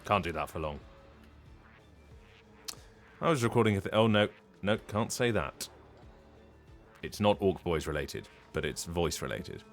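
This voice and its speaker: A man's voice: deep voice, expressive, unhurried, long pauses, soft background music. A man, a voice actor, chatting casually while streaming a game, rambling and correcting himself as he goes. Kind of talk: casual live-stream chat.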